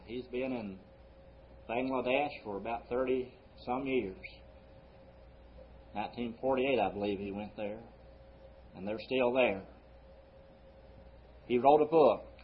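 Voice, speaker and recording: A man preaching from the pulpit in a mid-range voice. He swings from loud, stretched-out scripture lines to quiet, low asides. The recording is dull and lo-fi, like an old church tape. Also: slight background noise. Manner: preaching with sudden loud emphasis and slowed-down quotes. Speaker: pastor. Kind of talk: sermon.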